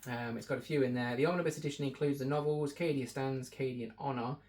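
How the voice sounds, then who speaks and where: A man's voice: mid-range voice, fairly even intonation, fast talker, a little mellow. A man from the shop staff, chatting casually through an unboxing with rambling, joking asides.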